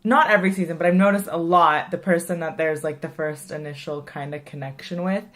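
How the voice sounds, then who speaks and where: Low-voiced chatty woman. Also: steady tone, fairly quick, fairly bright tone. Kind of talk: casual podcast chat.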